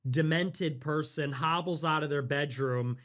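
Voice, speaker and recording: High-voiced sarcastic young man ranting. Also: unhurried, fairly bright tone. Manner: sarcastic, mocking, profane; swings between mock high-pitched squeals and low mutters. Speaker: livestream host. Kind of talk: casual livestream rant.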